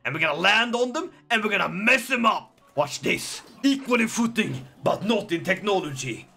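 A man giving jokey, excitable gameplay commentary, breaking into sudden shouted outbursts. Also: high-pitched, moderate pace, gravelly, faint music behind. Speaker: gaming video creator.

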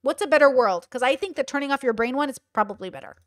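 A woman's voice: high-pitched, expressive, quick pace, a bit bright, dry recording, clean studio sound. A young woman hosting casual commentary, chatty and full of "like" fillers. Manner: chatty, many 'like' fillers. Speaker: host.

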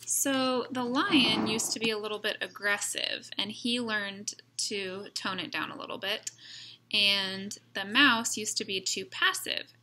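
A woman reading a rhyming picture book aloud, gently, pausing to comment to her listeners. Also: mid-range voice. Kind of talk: rhyming read-aloud narration with asides.

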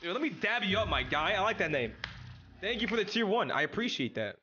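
A man's voice: high-pitched, brisk, lo-fi sound, slight background noise. Young guy streaming games, hyped and slangy, voice jumps all over. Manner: excitable, slangy, talks straight to chat. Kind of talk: casual live-stream chat while gaming.

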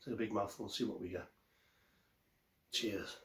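A man's voice: on the low side, steady tone, moderate pace, a bit bright. A man casually reviewing a beer on his vlog, rambling and often correcting himself. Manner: rambling, self-correcting, chatty. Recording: echoey room.

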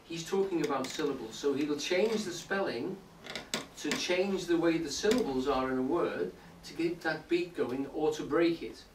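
A man's voice: a little high, moderate pace. A man giving a public talk on poetry to a live audience, explaining step by step and often checking in with the listeners. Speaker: lecturer. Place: indoor room with a live audience. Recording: roomy, distant, faint hiss.

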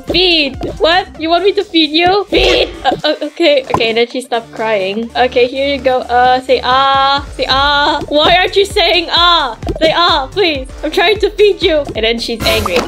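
A woman with a high, bright pitch runs a playful gameplay skit, babbling in a bubbly, flustered way. She giggles easily and fusses over a crying baby character. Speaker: channel host playing a game.

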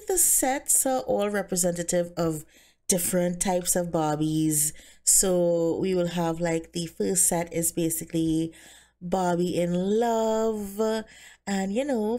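A woman's voice: on the low side, warm tone. A woman giving a chatty, bubbly commentary over a life-simulation game she plays. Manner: chatty, bubbly, many fillers. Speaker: let's player.

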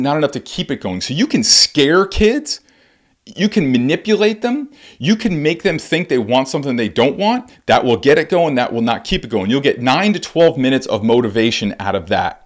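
A middle-aged man hosting a solo podcast as a baseball coach, talking in an animated, conversational way, restarting sentences and acting out what players and coaches say with big jumps in pitch. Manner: frequent restarts and repeated words.

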